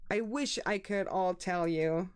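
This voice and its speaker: Unhurried German-accented woman streamer. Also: lowish voice, smooth. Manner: chatty, searching for words. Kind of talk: casual livestream chat.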